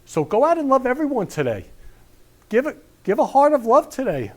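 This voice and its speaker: A man's voice: extremely high pitch, wildly swooping pitch, normal speed. A middle-aged man hosting a talk show, gushing and repeating declarations of love in an effusive monologue.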